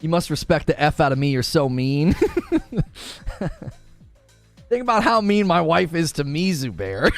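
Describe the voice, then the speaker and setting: Lively, animated male gaming streamer. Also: fairly high pitch, slow, long pauses, faint music behind. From Northern Ohio. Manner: laughing often, teasing chat, animated. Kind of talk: casual live-stream chat.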